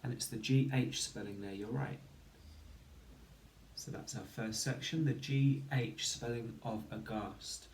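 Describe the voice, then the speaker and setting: A man's voice: mid-range voice, a little slow, a little mellow, roomy sound, a little hiss or hum. A man teaching a phonics lesson to children, counting to three and sounding out letters one by one. He mentions having hay fever. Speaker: primary school teacher.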